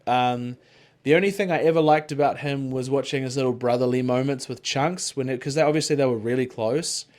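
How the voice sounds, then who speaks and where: A man's voice: mid-range voice, a little fast, a little mellow. Aussie guy rambling on a podcast, swears a lot, lots of likes and you-knows. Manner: rambling, swears freely, frequent filler words. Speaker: podcast co-host. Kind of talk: casual chat.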